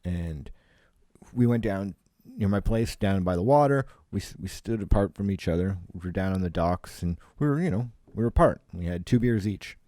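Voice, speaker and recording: A man's voice: low voice, expressive, moderate pace, mellow, dry recording, clean studio sound. A Canadian man, a comedian, rambling on his solo podcast from home, swearing often and full of fillers. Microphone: home podcast microphone.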